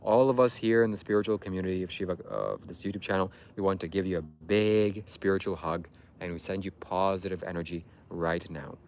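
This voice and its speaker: A man's voice: deep voice, fairly quick, a little mellow, slight background noise. A man hosting a livestream, talking to his chat in a preachy, insistent, repetitive way. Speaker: livestream host. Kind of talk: livestream monologue addressing chat.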